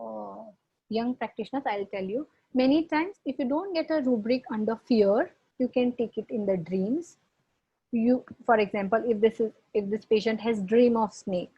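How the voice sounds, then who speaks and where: Husky-voiced woman teaching a case. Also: fairly high pitch. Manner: explanatory, checks in with listeners. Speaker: homeopathy lecturer. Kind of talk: online case presentation lecture. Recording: dull lo-fi audio.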